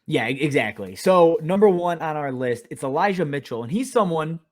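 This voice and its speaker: A man's voice: fairly high pitch, animated, normal speed. A man hosting a casual fantasy football talk show, upbeat and joking with his co-host. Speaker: podcast host.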